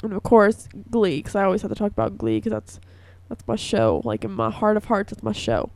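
A young woman hosting a college radio show in a chatty, gushing way, her voice hoarse and coughing. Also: mid-range voice, big pitch swings, fairly quick, a little mellow, slight background noise. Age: young adult. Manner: chatty and gushing, filler-heavy. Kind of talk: casual radio chat. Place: radio studio.

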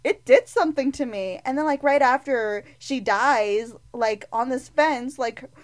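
A woman co-hosting a film podcast, gushing and animated as she retells scenes. She fills her talk with "like" and speaks in a fairly high voice. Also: measured pace. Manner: gushing and animated, many "like" fillers. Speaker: podcast co-host. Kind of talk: casual film review chat.

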